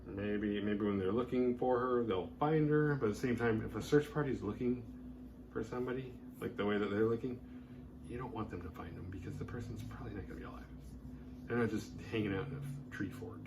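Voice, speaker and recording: A man with a fairly low voice recaps a horror film as a show host. He rambles casually and leans on filler words. A faint room hum sits behind him. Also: fast talker. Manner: rambling, heavy use of "like" fillers. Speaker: horror movie review host.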